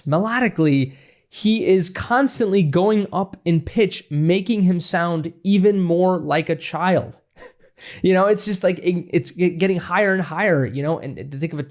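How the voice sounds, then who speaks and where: A man's voice: on the high side, darkish tone. A man hosting a music reaction channel, analyzing a song in casual, enthusiastic, rambling talk with frequent restarts. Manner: enthusiastic, rambling with restarts, breaks into scatting and laughter.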